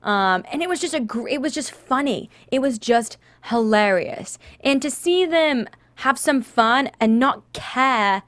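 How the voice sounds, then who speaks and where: A woman's voice: high-pitched, unhurried, few pauses, dry recording. A woman from northern England with a Northern English accent, co-hosting a casual sports chat and telling stories with frequent laughter. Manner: giggly, animated storyteller. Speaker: co-host.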